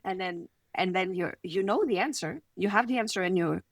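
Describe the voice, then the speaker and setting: A woman from Quebec City with a Quebec French accent, a native French speaker, speaking as a podcast guest and confidence coach, lively, acting out little scenes. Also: medium pitch, brisk, dry recording, clean studio sound. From Quebec City, Canada. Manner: animated, acts out little scenes in quoted voices. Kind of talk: conversational podcast interview.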